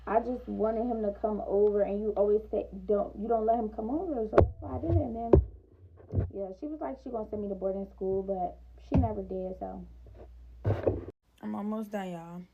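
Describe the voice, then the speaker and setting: A woman's voice: mid-range voice, steady tone, moderate pace, gravelly, phone-quality sound, very noisy. A young woman telling a casual storytime to her viewers while she does her hair, chatting straight to them.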